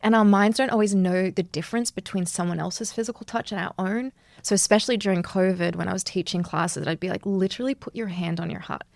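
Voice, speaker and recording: A woman speaks in a reflective interview, earnest and animated, laughing often. Her voice has a gravelly, fry-tinged edge. The sound is close and dry. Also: mid-range voice, fast, no echo. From Australia. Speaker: yoga instructor, guest.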